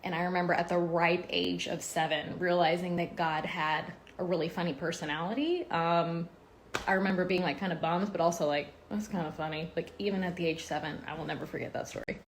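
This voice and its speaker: A woman in her thirties with a drawl chats into her phone, rambling from story to story with plenty of "like" and "um". Her voice sits on the lower side, with a faint hiss under it. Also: fairly quick. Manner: chatty, rambling storytelling with lots of "like" and "um". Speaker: lifestyle blogger and home renovation host. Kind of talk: casual chatty phone vlog.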